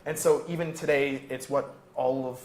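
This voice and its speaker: A man's voice: mid-range voice, fairly even intonation, normal speed, a little mellow. A man who produces the show joins a live health debate as a guest. He rambles through his explanations and throws in jokes along the way. His voice sits in a roomy studio with a faint background hum.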